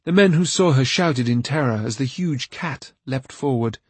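A man narrating a fantasy novel aloud in a steady, even storytelling manner. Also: medium pitch, moderate pace, husky, no room sound. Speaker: audiobook narrator. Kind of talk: scripted narration.

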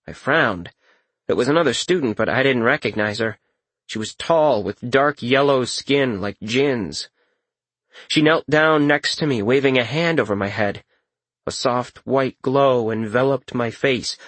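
Male audiobook narrator, measured and wry, mid pitch, dry close sound. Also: a bit bright, no echo. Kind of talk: first-person audiobook narration.

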